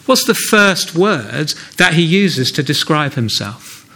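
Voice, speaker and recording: A man's voice: on the high side, big pitch swings, takes it slowly, pushed and bright. A man preaching a sermon in a church, earnest and conversational, often asking the listeners rhetorical questions.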